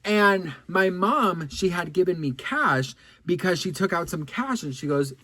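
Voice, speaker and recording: A man's voice: a little high, normal speed, few pauses, a little hiss or hum. A man vlogging celebrity gossip, chatty and campy, cursing freely and rambling through restarts and asides. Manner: campy, gossipy and animated, with lots of swearing and "girl". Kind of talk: casual chatty storytelling to camera.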